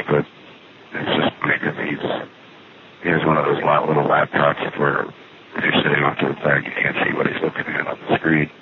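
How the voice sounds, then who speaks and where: Man calling in, very deep gravelly voice, dry rambling talk, tinny noisy phone line. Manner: dry, rambling, matter-of-fact. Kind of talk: casual phone monologue. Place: at an outdoor payphone. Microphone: phone handset.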